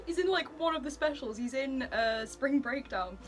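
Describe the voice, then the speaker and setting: A woman's voice: sits high, normal speed, soft background music. A woman reacting to a comic as she reads it, gushing and giggly with lots of exclamations. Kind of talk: excited reading reaction.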